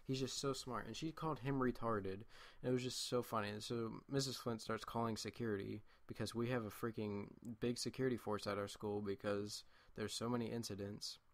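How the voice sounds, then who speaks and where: A teenage guy chats over his gameplay in a low voice. He rambles through a school story with constant asides and restarts. His voice is dry and close, with no room sound. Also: steady tone, brisk, hardly any pauses, dry recording. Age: late teens. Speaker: gameplay commentator.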